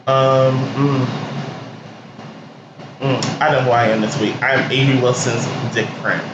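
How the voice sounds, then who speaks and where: A man co-hosting a casual comedy podcast, talking in a playful, sassy, animated way. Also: medium pitch, measured pace. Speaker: podcast co-host. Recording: roomy, dull and noisy amateur recording.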